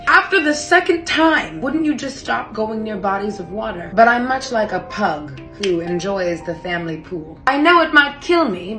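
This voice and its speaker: Young woman, vlog storytime, animated self-mocking delivery, echoey room, faint music underneath. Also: medium pitch. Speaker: vlogger. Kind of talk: comedic storytime while doing makeup.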